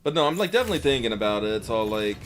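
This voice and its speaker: Animated, swearing let's-play streamer man. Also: mid-range voice, rapid-fire, background noise. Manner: profane, rambling, excitable outbursts. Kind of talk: casual gameplay chat. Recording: game music underneath.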